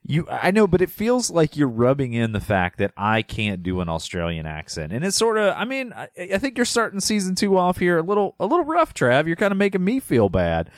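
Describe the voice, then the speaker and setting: A man's voice: fairly high pitch, huge pitch swings, fairly quick, few pauses, no room sound, studio quality. A man hosting a movie podcast, talking in casual chat with playful, teasing banter. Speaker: podcast host.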